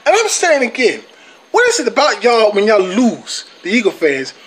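A man with a high-pitched voice rants at rival fans in a vlog. He is profane and taunting, loops back over the same points, and keeps tagging his lines with "bro" and "okay". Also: huge pitch swings, normal speed. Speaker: sports vlogger, Cowboys fan. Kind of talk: heated fan rant to camera.

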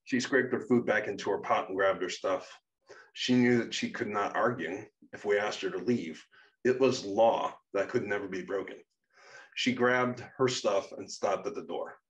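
Low-voiced man narrating a memoir. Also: moderate pace, distant mic, lo-fi sound. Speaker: narrator and author.

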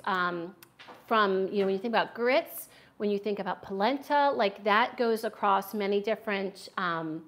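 A middle-aged American woman hosting a casual cooking livestream from her home kitchen, chatting with viewers as she chops. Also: medium pitch. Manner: chatty, answers viewer comments while cooking. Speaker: cooking channel host.

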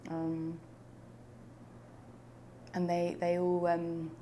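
A woman's voice: fairly low pitch, completely flat delivery, extremely slow, mellow, a little hiss or hum. A young woman from London, talking reflectively in an oral history interview, with frequent fillers and restarts. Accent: London English. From United Kingdom.

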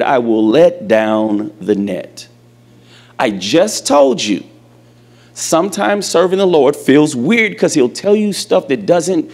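A male preacher with a slightly raised, gravelly voice delivers an emphatic sermon. He tells his story with animation and throws questions straight at the congregation. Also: sits high, darkish tone.

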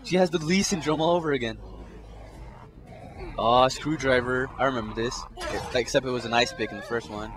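A gameplay commentator with a medium-pitched voice talks fairly quickly through a casual let's play, blurting out profane reactions. Game music plays in the background.

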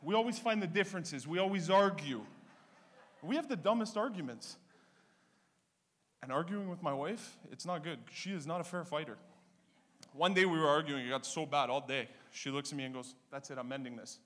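High bright stand-up comic. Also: male voice, normal speed, long pauses. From Canada (Ontario). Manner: punchy, animated storytelling. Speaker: stand-up comedian. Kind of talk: stand-up comedy set.

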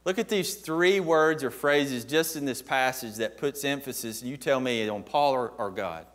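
Emphatic pastor preaching. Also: male voice, mid-range voice, normal speed, a bit bright. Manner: emphatic, asks the congregation questions. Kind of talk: sermon.

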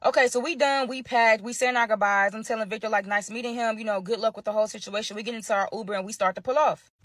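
A young adult woman telling a personal story in a chatty, animated, slangy way. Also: on the high side, fast, no room sound. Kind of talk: casual storytime.

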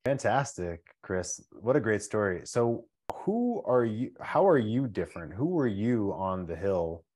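A man with a deep voice leads a group call as a coach. He keeps asking questions, drawing others out. He talks into a call mic. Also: sing-song, unhurried, a little mellow. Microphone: online call.

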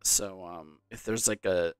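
A man's voice: sits low, a little slow, clean tone, no echo. A tipsy man rambling through casual game commentary, swearing and laughing at himself. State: tipsy from drinking. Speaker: let's play gamer.

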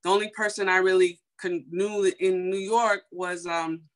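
A young woman from Chicago tells a personal story casually and with lots of animation, packing it with fillers and acting out the quoted dialogue. She has a mid-range voice and speaks at a moderate pace.

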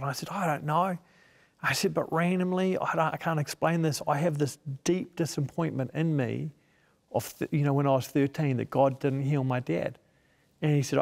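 A man's voice: a little high, normal speed, creaky, in a large hall. A man, a media missionary, giving an earnest personal testimony in an interview and acting out the voices in his head as he tells it.

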